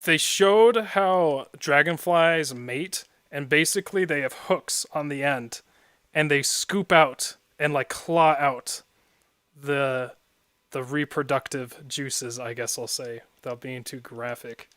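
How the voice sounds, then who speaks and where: A man's voice: fairly high pitch, slow pace, a bit bright, clean tone, no echo, clean studio sound. A young man streaming and chatting casually while gaming, rambling and often laughing at his own stories.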